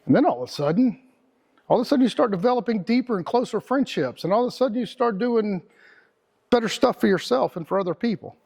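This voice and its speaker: A man's voice: high voice, animated, quick pace, vocal fry, darkish tone, slightly rough. A middle-aged man with a Texan accent giving a casual, rambling motivational talk as host, repeating words and using slang.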